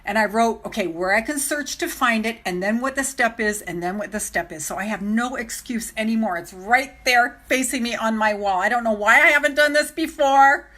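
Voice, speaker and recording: A woman's voice: on the high side, normal speed, few pauses, sharp tone. An older woman, a self-love coach, chatting live with her followers in a gushing, chatty way and greeting viewers as they join, speaking into her phone camera at home. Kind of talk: live video chat with followers.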